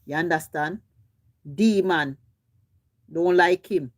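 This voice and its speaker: A woman's voice: lowish voice, takes it slowly. A Jamaican woman hosting a livestream, ranting heatedly and swearing in repetitive bursts. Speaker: livestream host. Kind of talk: ranting live commentary.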